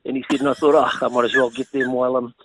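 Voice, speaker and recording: Fast-talking Kiwi man spinning yarns. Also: mid-range voice, level tone, noisy background. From New Zealand. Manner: chatty, laughs while telling anecdotes. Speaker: former rugby player, guest. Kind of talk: casual storytelling.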